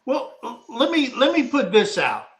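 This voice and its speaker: A man's voice: very high voice, wildly swooping pitch, unhurried, a bit bright. A middle-aged man co-hosting a casual live talk show, telling a rambling anecdote and acting out what people said. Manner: rambling anecdotal, acts out quotes. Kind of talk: casual storytelling chat. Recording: echoey room.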